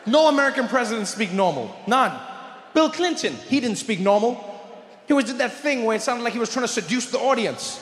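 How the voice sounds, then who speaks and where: A man doing stand-up comedy with a South African accent, animated, slipping into different voices and impressions. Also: extremely high pitch, a little fast. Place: large venue with live audience. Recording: echoey hall, crowd noise.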